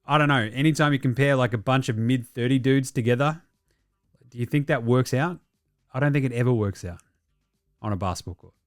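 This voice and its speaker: A man's voice: medium pitch, faint music behind. A man, hosting a casual basketball show and ranting about games and trades with plenty of swearing. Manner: fast, sweary, excitable ranting. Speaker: host. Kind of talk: casual sports commentary.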